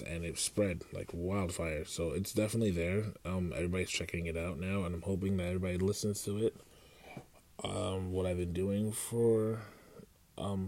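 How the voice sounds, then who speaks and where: A man's voice: low-pitched, a little mellow. A young man rambling through a casual solo podcast, with many fillers and restarts. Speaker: podcast host.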